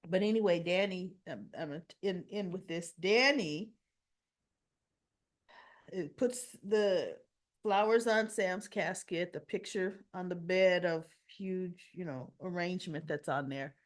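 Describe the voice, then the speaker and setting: Slow-talking woman retelling a soap episode. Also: lowish voice. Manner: animated retelling, acts out lines and scolds characters. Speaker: soap opera recap vlogger. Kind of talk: casual recap with commentary.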